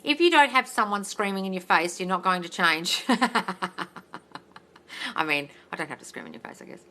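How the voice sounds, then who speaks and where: An Australian woman runs a casual live Q&A as a mindset coach, answering comments bluntly and loudly and swearing freely. Her voice is bright and forceful, with a brisk, no-nonsense delivery. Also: mid-range voice, lively intonation. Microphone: phone livestream.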